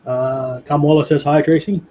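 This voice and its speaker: A man hosting a casual chat while he draws, talking in a relaxed, unhurried way with a dry voice. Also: fairly high pitch. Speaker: host. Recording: muffled lo-fi audio with faint hiss.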